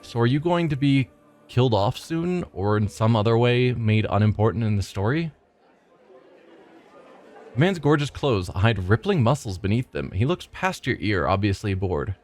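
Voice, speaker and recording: A man's voice: medium pitch, lively intonation, normal speed, long pauses, a little mellow. A man hosting a let's play, reading the game's dialogue aloud and adding dry asides of his own. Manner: reads lines aloud, slips and restarts, dry asides.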